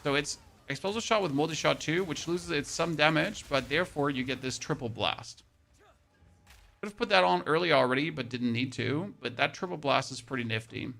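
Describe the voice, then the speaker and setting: A man's voice: fairly high pitch, a little fast, creaky, pushed and bright. A man with a German accent giving chatty, self-mocking commentary while streaming a game. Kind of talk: casual gameplay commentary.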